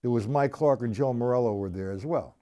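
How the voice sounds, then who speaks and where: A man's voice: mid-range voice, a little fast, warm tone. A man giving a live-streamed drum lesson, talking casually, repeating his points and checking in with his viewers. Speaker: drum teacher. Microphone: live stream camera mic.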